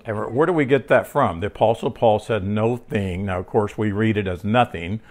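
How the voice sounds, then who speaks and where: A man speaking fairly quickly in a fairly low voice offers an informal Bible teaching. He often starts sentences over, uses filler words, strays into personal stories, and checks on his listener with tag questions.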